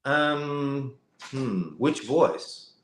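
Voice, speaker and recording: A man's voice: mid-range voice, very slow. A man from Cleveland, Ohio, a guest voice actor on a casual live-stream interview over a video call from home, explaining things reflectively with many fillers. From Cleveland, Ohio, USA. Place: home setup with a lighting kit. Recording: roomy echo.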